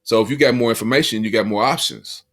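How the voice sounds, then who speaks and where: A man's voice: medium pitch, fast talker, a bit bright. A man co-hosting a podcast, talking in a casual, motivational way and repeating "you know" often. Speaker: podcast co-host.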